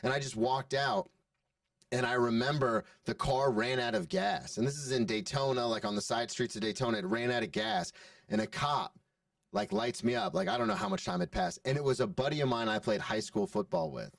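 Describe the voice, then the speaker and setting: Gravelly-voiced podcast host man. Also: medium pitch, a little fast, no room sound, studio quality, far from the mic. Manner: relaxed, affirming, tells his own stories. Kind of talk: casual interview chat.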